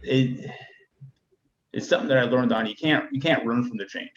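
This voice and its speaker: A man's voice: mid-range voice, normal speed. A middle-aged man, an Army sergeant, talking candidly about family life in a rambling way with frequent restarts. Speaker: Army first sergeant, guest. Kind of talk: casual conversation. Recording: dull, lo-fi sound with faint noise.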